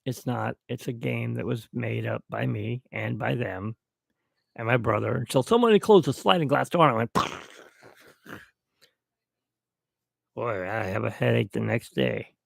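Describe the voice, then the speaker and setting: A man's voice: mid-range voice, moderate pace, vocal fry, no room sound, clean studio sound. A middle-aged man hosting a solo podcast toast, rambling and reminiscing at his own pace. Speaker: podcast host. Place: at home, alone.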